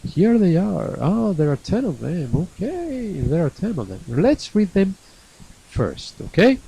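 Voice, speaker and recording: A man teaching a live online English lesson from an academy classroom, repeating each phrase slowly and stretching key words. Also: high-pitched, very animated, gravelly, dark tone, slight background noise, rough recording.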